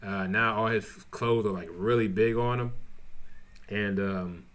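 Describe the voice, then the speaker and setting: A man casually recapping episodes of a show, rambling and halting, with frequent restarts. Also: fairly low pitch, fairly even intonation, fairly bright tone. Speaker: TV show reviewer.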